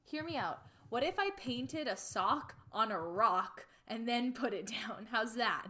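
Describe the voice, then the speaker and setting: A woman's voice: a little high, lively intonation, unhurried, sharp tone. A young woman from the United States co-hosting a podcast, chatting casually and animatedly with lots of filler words. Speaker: podcast co-host. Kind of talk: casual chat.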